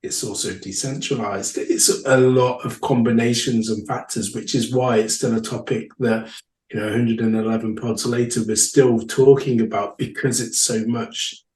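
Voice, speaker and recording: A podcast co-host with a mid-range voice, thinking out loud at a measured pace. The sound bounces around an echoey room. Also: male voice, mid-range voice, steady tone. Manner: measured, reflective explaining. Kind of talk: casual podcast chat.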